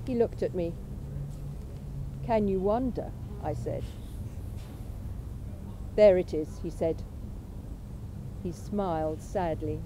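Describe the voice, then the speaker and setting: A woman reading aloud from a lecture at a memorial event in a measured, unhurried way. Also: on the low side, noisy background. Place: college chapel.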